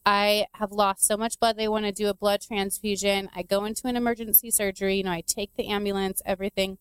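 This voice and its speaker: A woman in her thirties telling a personal story in candid, animated casual chat. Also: mid-range voice, fast talker, smooth, no echo. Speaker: guest sharing her story.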